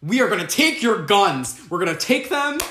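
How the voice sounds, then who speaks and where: A woman doing an impression of a brash, loud woman talk show host, speaking in a shouty, emphatic way. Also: mid-range voice, very animated, moderate pace, echoey room, a little hiss or hum, pitched above the performer's own voice. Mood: bossy.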